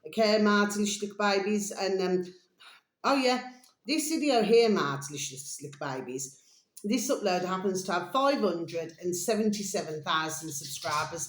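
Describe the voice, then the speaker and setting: An English woman hosting her own channel, talking in a meandering, chatty monologue that keeps wandering off and coming back, with fond pet names for her listeners. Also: fairly low pitch. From England. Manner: chatty, meandering, calls listeners "my delicious babies". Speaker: channel host. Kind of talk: rambling casual monologue. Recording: roomy echoey home room.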